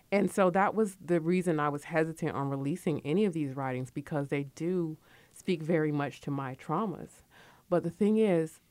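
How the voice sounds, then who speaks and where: A woman's voice: sits low, darkish tone, no echo. A woman in her forties from Connecticut, a guest author chatting on a radio interview in a reflective, storytelling way. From Connecticut, USA. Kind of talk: casual radio interview talk.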